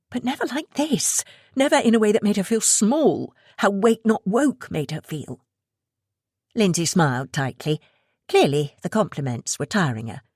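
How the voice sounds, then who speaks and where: A woman reading a thriller audiobook aloud in a steady storytelling way. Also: on the low side, husky, dry recording, studio quality. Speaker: audiobook narrator. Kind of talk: scripted narration.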